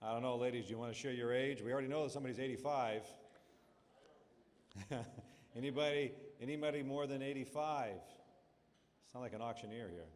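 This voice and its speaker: Chatty middle-aged emcee in a hall. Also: male voice, mid-range voice, fairly even intonation, fairly quick, pauses often, slight background noise. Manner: jokey, chatty, asks the crowd questions. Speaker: reunion emcee handing out awards. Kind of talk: casual emcee talk to a crowd. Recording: long hall reverb.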